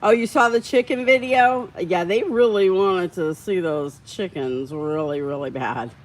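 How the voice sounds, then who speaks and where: A woman with a lowish voice speaks at a measured pace over a rough recording. Hosting a casual live stream, she chats with viewers, reads their comments aloud and gets heated about how dogs are treated.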